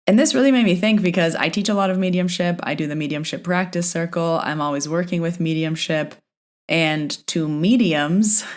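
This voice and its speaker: A woman with a notably low voice hosts her own podcast as a medium. She tells stories in a loose, chatty way, often retelling back-and-forth exchanges. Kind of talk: casual podcast storytelling.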